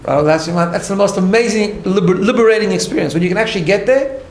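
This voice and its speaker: A man's voice: sits high, quick pace. Emphatic man teaching, echoey hall. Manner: conversational, emphatic, many restarts and "right?". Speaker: rabbi teaching a class. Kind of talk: informal Torah class. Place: study hall. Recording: echoey room, faint background hum.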